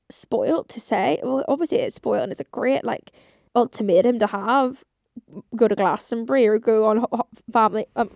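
A woman's voice: fairly high pitch, creaky, darkish tone, dry recording, studio quality. A woman in her twenties hosting a casual solo podcast, rambling and chatty, swearing often and saying "like" constantly. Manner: rambling, chatty, swears a lot, heavy use of like. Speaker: podcast host.

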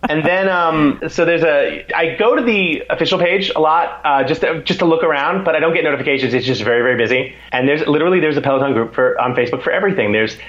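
A man in his forties telling stories as an interview guest, animated and self-deprecating, with many restarts. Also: on the high side, quick pace, hardly any pauses, highs cut off. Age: 40s. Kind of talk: casual interview storytelling.

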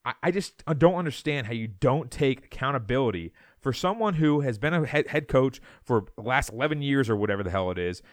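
A man's voice: medium pitch, expressive, a little fast, hardly any pauses, no room sound, studio quality. Fired-up man ranting about football. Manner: fired up, repeats words, mocks others in put-on voices. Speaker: podcast co-host. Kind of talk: heated sports rant.

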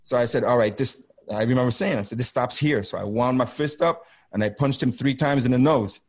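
A middle-aged man, a former federal border agent, telling a gripping first-hand story on a video call in an intense, halting way that keeps circling back and repeating itself. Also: mid-range voice.

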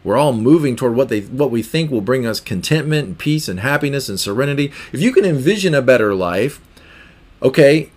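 A man's voice: mid-range voice, darkish tone. A man hosting a self-help podcast, talking through ideas as he thinks, with frequent restarts and rhetorical questions. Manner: thinks aloud, repeats words, asks rhetorical questions. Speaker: podcast host. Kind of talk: reflective self-help talk.

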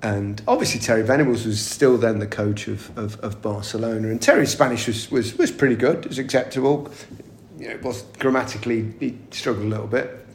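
A middle-aged man with a gravelly, creaky edge recalls stories as an interview guest. He talks in a chatty, anecdotal way, breaks into laughter often and restarts his sentences mid-thought. The voice sits in an echoey room. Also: medium pitch, fairly even intonation, brisk, slight background noise. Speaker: guest, former footballer. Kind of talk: casual interview storytelling.

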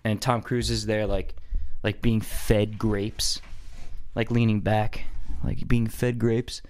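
A man hosting a podcast in a casual, joking monologue, animated and swearing freely. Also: fairly low pitch, slow pace. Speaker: podcast host.

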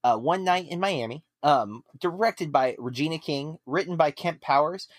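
A man's voice: on the high side, normal speed, no room sound, studio quality. A man hosting a film podcast, chatting casually and rambling with lots of fillers and restarts. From United States. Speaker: podcast host. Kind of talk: casual chat.

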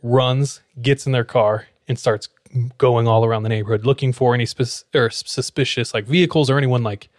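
A man in casual conversation, telling a story with plenty of animation. He acts out the people in it as he goes. His voice sits at a middling pitch, recorded close in a dry room. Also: steady tone, fairly quick, no room sound.

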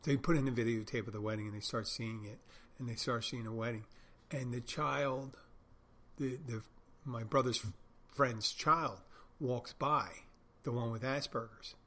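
A middle-aged man spins loose, wandering stories in a husky voice, stopping to correct himself often. His pitch sits in an ordinary middle range, and his tone stays wry and casual throughout. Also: steady tone, moderate pace, bright, forceful tone. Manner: rambling, self-correcting, wry. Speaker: podcast host, bartender. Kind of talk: casual monologue storytelling.

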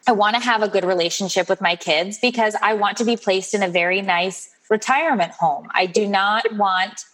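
A woman author in her forties is a guest in a casual interview, telling stories conversationally and putting on playful voices for the people she quotes. Her voice is mid-range and a bit bright, at normal speed, on a rough recording.

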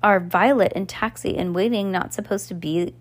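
A woman reading aloud and voicing a resourceful, determined teenage girl who speaks firmly and calmly. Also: mid-range voice, moderate pace, natural voice. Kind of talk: audiobook character voice.

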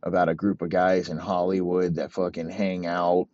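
A man's voice: deep voice, little pitch movement, normal speed, darkish tone, dry recording, highs cut off. A man giving a rambling, crude comedic rant, swearing constantly.

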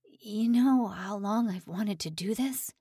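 A woman's voice: medium pitch, slow pace, mellow, husky, dry recording, clean studio sound. A woman voicing a desperate young male prisoner who pleads and speaks tenderly to his bride.

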